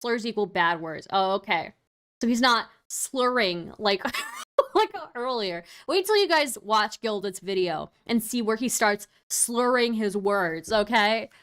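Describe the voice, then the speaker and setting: A woman's voice: mid-range voice, lively intonation, unhurried, a bit bright, clean tone. A young woman streaming, reacting to clips in casual commentary, sarcastic and exasperated, swearing freely.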